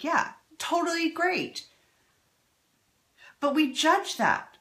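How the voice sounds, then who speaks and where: A woman with a fairly high voice talks about spirituality in a candid, casual way. She is animated and often laughs at herself. Her delivery swings between quick asides and slow, emphatic lines. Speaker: spiritual speaker.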